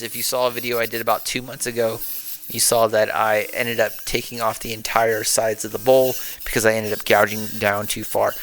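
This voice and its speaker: A man's voice: medium pitch, pushed and bright, low-quality recording. A man with a Texan accent giving tired, rambling, self-deprecating voice-over commentary on his woodturning project late at night. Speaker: woodturning channel host.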